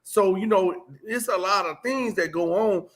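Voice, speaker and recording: A man's voice: high-pitched, unhurried, a bit bright. A man in casual conversation, speaking emphatically in street slang and acting out heated exchanges as he tells a story. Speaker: host.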